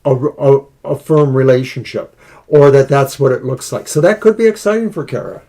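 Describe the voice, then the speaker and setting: A man reading tarot on a live stream with his co-host. His voice sits in a middle range, and he speaks slowly and haltingly, repeating words as he feels his way. The talk is casual. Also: medium pitch, mellow. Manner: measured, hesitant, repeats words while thinking.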